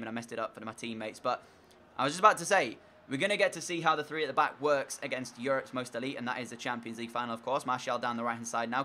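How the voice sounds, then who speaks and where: Bright-voiced excitable gaming commentator. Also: male voice, medium pitch. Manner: excitable, swings between flat play-by-play and loud frustrated outbursts. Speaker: gaming YouTuber. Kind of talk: live gameplay commentary.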